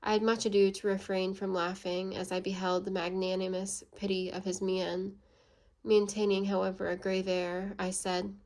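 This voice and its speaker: Here a woman reads aloud from a classic novel in audiobook style, using a mid-range voice and a measured, level storytelling tone.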